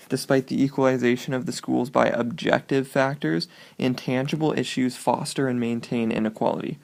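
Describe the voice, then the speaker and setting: Casual male student presenter, gravelly voice, reads summaries and tosses in dry jokes. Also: mid-range voice, darkish tone. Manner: reads formal summaries, then adds offhand jokey asides. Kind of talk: casual read-aloud of case summaries.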